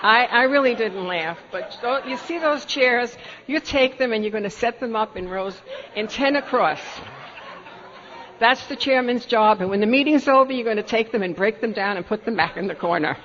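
A woman's voice: on the high side, normal speed, a bit bright, a faint crowd. An older woman with a New York accent, telling stories from her own life at a meeting, laughing through them. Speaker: Al-Anon speaker. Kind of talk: storytelling talk at a meeting. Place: meeting hall. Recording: dull lo-fi recording with faint room noise.

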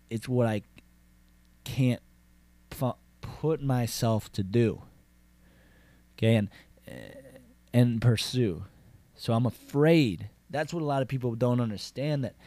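An actor playing a lonesome, boastful cowboy rancher with a Southern drawl, rambling deadpan with tough-guy bravado and swearing. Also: mid-range voice, no echo. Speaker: comedy character host. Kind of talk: deadpan comic monologue.

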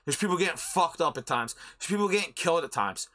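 A young man hosting a podcast, chatting casually and rambling excitably about an anime, swearing freely. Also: fairly high pitch, quick pace, hardly any pauses. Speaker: podcast host. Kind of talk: casual anime review chat.

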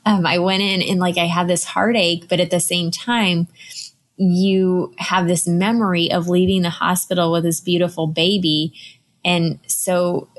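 A woman's voice: lowish voice, little pitch movement, measured pace. A woman in her thirties, a podcast host, telling a personal story in a conversational, emotional way with frequent fillers.

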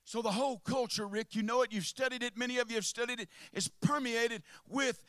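A man preaching a sermon to a congregation, swinging from hushed asides to impassioned shouts and calling out to listeners by name. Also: extremely high pitch, fairly even intonation, fairly quick, no echo. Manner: calls out to the congregation.

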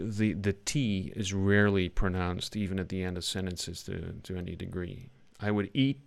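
British man, acting coach, fairly low voice, animated, demonstrates lines while critiquing. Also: gravelly, clean tone. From Britain. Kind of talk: critiquing a scene in class.

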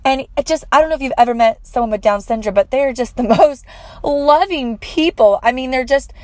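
A woman's voice: high voice, a little fast, dry recording. A woman telling a personal story in an earnest, heartfelt way, with frequent fillers and restarts.

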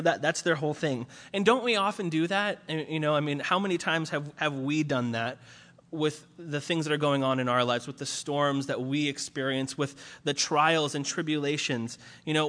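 Casual preacher with a high voice. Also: male voice, big-room sound. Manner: casual, animated, many fillers. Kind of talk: conversational sermon.

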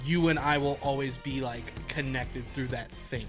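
A man co-hosting a podcast in casual chat, talking in an animated, emphatic way and swearing freely. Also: medium pitch, moderate pace, music in the background. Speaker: podcast co-host.

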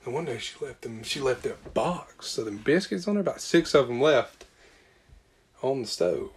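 A man's voice: mid-range voice, lively intonation, moderate pace. A young man, co-hosting a podcast and telling a story in a loose, profane way, often breaking into laughter. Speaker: podcast co-host. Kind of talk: casual storytelling chat.

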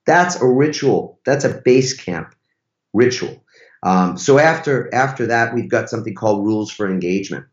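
A relationship teacher appears as a podcast guest in a casual conversational interview, speaking emphatically and using rhetorical questions. His voice is on the low side with lively intonation at normal speed, and the sound is roomy and slightly dull.

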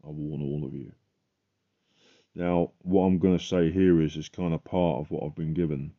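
A man's voice: extremely low pitch, fairly even intonation, moderate pace, dull audio. A man hosting a podcast, giving a fervent, emphatic religious testimony.

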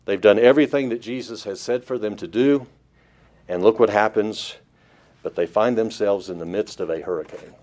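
A man's voice: lowish voice, moderate pace, darkish tone. A man preaching a Bible-study sermon, emphatic, with rhetorical questions put to listeners. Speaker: pastor.

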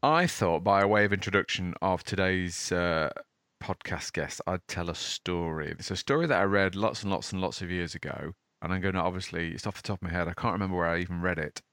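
A man hosting a podcast, chatty and animated, telling a story off the top of his head. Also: low voice, a little fast, no room sound, studio quality. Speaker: podcast host. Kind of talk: casual podcast talk and storytelling.

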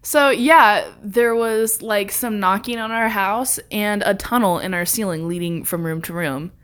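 A woman's voice: mid-range voice, measured pace, fairly bright tone, clean tone. A woman in casual chat telling a ghost story, laughing often, swearing freely and acting out what people said.

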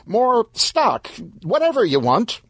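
A man doing a frantic, high-voiced young gamer. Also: wildly swooping pitch, slow pace, a bit bright, no room sound, heavily acted. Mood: pleading. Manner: frantic, pleading. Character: panicky young male gamer, clumsy and desperate.

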